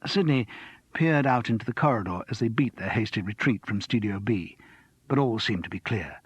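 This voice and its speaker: A man narrating an audiobook in an expressive, lively storytelling manner. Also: fairly low pitch, normal speed, slightly rough, dry recording. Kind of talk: scripted narration.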